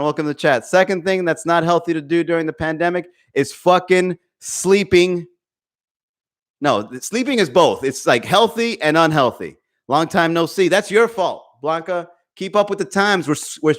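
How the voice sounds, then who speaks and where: A man hosts a live comedy podcast from home, talking into a desk mic. His voice sits a little high for a man, and he swears freely while calling out chat viewers by name. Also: normal speed. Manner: profane, animated, talks to chat viewers. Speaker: podcast host. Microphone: desk microphone.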